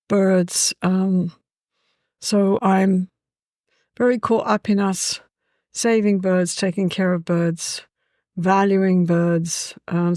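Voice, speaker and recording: Here the English guest is a lively, warm storyteller with a medium pitch, leaning on "you know" as she chats casually. The sound is dry, without any echo.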